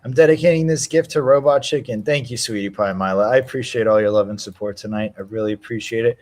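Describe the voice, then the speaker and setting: A young man hosting a casual live stream, trading slangy trash talk and cheering loudly at fight moments. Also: medium pitch, quick pace. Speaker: stream host.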